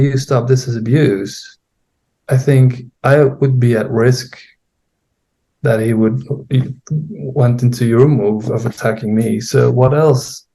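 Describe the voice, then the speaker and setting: Gravelly, mellow-voiced male therapist. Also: mid-range voice. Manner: unhurried, searching for words, acting out his own and a client's lines. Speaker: therapy trainer, guest. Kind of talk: recounting a therapy case in conversation.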